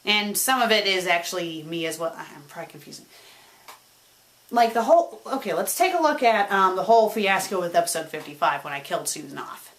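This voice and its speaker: Brisk and fairly low-pitched, a woman who runs a web show goes through her viewers' questions in a casual vlog. She's animated, sometimes excited and sometimes subdued, and she repeats words as she stumbles.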